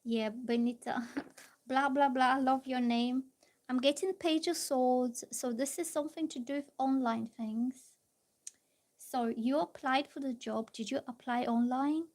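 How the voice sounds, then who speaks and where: Woman reading tarot on a live stream; somewhat high pitch, easygoing, reassuring, lots of fillers. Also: unhurried, darkish tone. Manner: chatty, reassuring, rambling with fillers. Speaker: tarot reader.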